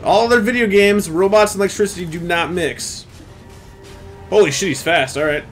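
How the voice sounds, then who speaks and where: A young man giving loud, swearing live commentary while playing a video game, often shouting at it. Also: sits high, moderate pace, soft background music. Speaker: gameplay streamer. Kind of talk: live let's-play commentary.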